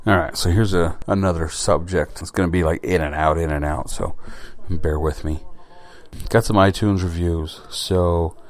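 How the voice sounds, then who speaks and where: Solo podcast host, man, deep voice, blunt and rambling, swears casually.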